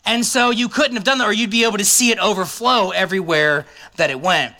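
A man's voice: sits high, a little fast, bright, forceful tone. A man preaching a sermon as a pastor, talking conversationally and dropping joking asides to the congregation.

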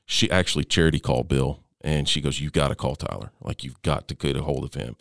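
A middle-aged man speaks in an extremely low, gravelly voice. He tells his story haltingly, full of restarts and fillers, and often drops to a quieter level. The sound is dry and close. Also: dry recording. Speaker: interview guest. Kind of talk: personal storytelling in conversation.

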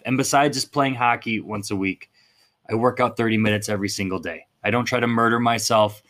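A man's voice: medium pitch, steady tone, a little fast, a bit bright. Man, podcast host, blunt, fired-up, casual swearing, mid-range voice. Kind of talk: unscripted podcast monologue.

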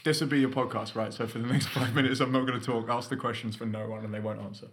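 A man co-hosts a casual podcast. His voice is bright and forceful, and his delivery stays loose, jokey and quick to laugh. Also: medium pitch, steady tone, a little hiss or hum. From United Kingdom. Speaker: podcast co-host. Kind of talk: casual chat.

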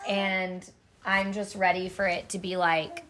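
This is a chatty woman co-hosting a casual podcast chat. She tells her story in a lively way and acts out the lines of the people in it. Her talk is full of "like" fillers, and her voice sits at an ordinary pitch. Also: measured pace. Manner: lively storyteller who acts out quotes from others. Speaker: podcast co-host.

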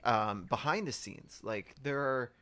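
A man co-hosting a casual movie review podcast, hesitant with many pauses and fillers. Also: mid-range voice, sharp tone, clear, resonant tone. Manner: hesitant, many ums, looks things up. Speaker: podcast co-host. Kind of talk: casual film review chat.

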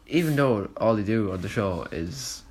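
A young Irish man with a lowish voice hosts a joke podcast. He plays a boozy lad, swears freely and keeps a mock-serious tone. There is a faint hiss underneath. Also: animated, normal speed, darkish tone. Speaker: podcast host. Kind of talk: comedic banter playing a boozy lad.

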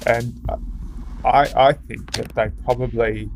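A man co-hosting a podcast, chatting casually, reacting quickly and jumping in with his opinions, often restarting mid-sentence. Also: medium pitch, steady tone, vocal fry, faint music behind. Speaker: podcast co-host. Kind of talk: casual chat.

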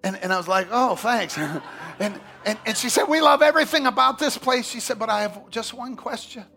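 A man preaching a sermon as pastor, telling stories with big swings from hushed to shouting. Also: very high voice, animated, normal speed, faint music behind. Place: church sanctuary.

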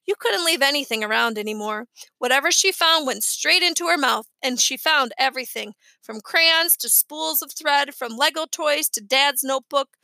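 Woman reader, children's novel, high bright tone, dry close mic. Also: normal speed, vocal fry, no room sound. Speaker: audiobook reader. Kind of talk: reading a children's novel aloud.

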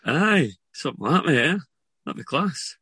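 A Scottish man chatting on a podcast, telling animated anecdotes. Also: on the high side, moderate pace, slightly rough, no room sound. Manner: animated storytelling with laughs. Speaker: podcast guest. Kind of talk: casual podcast chat.

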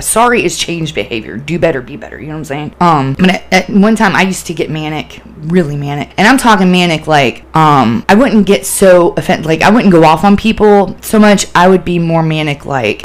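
A woman hosting a casual solo podcast, talking candidly and with plenty of swearing, rambling through fillers and restarts. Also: low-pitched. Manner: candid, profane, animated storytelling. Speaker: podcast host.

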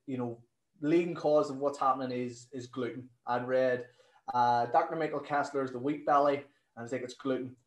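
A man, a nutrition coach telling stories in a casual interview, animated and swearing freely. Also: medium pitch, reverberant, rough recording.

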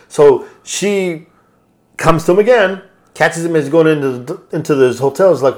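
A man on a podcast casually retelling a film's plot in a loose, rambling way, slipping into quick voiced quotes. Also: on the high side, darkish tone. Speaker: podcast host. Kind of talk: casual movie recap.

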